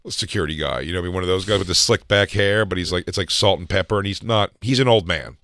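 A man's voice: sits low, fast. A man co-hosting a podcast, telling a story in casual, profane chat and acting out the people in it. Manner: profane, animated storytelling, acts out quotes. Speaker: podcast co-host.

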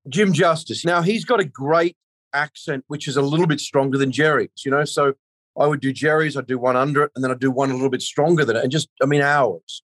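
A man's voice: fairly high pitch, a bit bright, no room sound. Rambling actor, man, dry close sound. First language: not a native of the country he is speaking about. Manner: rambling, many you-knows and restarts. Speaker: actor being interviewed. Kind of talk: casual interview chat.

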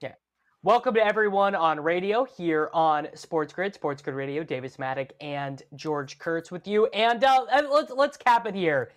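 Brisk man reading sports headlines. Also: high-pitched, a bit bright. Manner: brisk and conversational, runs through headlines. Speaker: sports radio host. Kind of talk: sports radio headlines and chat.

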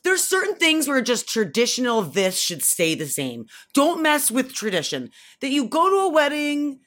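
A woman's voice: high voice, moderate pace. A woman in her forties co-hosting a radio show, chatting and telling stories with plenty of exclamation. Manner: animated, exclamatory, storytelling. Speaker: radio co-host. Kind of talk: casual radio banter.

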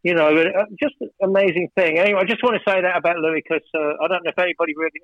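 A man's voice: high-pitched, very fast, no echo, phone-quality sound. Man rambling through a studio story. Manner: rambling, hesitant, many fillers and restarts; grows animated and emphatic telling a story. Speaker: record producer, guest. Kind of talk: casual interview storytelling.

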